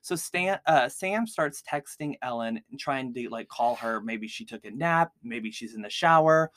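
Male podcast host, mid pitch, casual filler-heavy storytelling, dry recording. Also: lively intonation, unhurried, fairly bright tone, no room sound. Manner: chatty, heavy use of "like" fillers. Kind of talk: casual true-crime storytelling.

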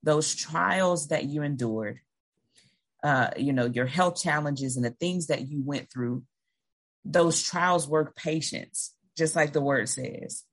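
A woman's voice: sits low, slow pace. A woman hosting a podcast, reacting in a reflective, casual way with fillers like "um" and "like". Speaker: podcast host.

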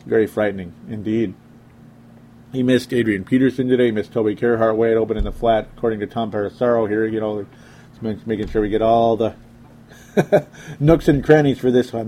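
A man's voice: on the low side, mellow, a little hiss or hum. A young man giving casual, sarcastic sports commentary from home. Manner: exasperated, sarcastic.

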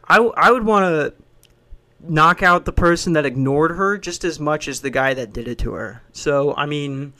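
A man's voice: on the high side, a bit bright. A man who works a hotel front desk, venting in a worked-up, profane rant about a coworker. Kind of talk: venting storytime vlog.

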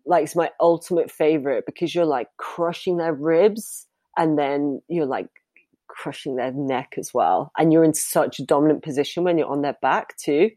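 A woman's voice: low voice, dark tone, dry recording. A woman, a professional dominatrix, answering interview questions in a candid, chatty way and laughing easily.

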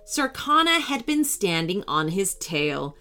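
Lady reading a kids adventure story, really expressive voice, faint music behind. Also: mid-range voice, takes it slowly. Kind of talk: scripted children's story narration.

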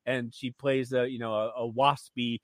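A man co-hosting a radio talk show, chatting and recapping a TV series in an animated way, often stammering and restarting. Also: moderate pace, no room sound, studio quality. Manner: animated, acts out dialogue in shrill voices when retelling scenes. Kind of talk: casual chat reviewing a TV series.

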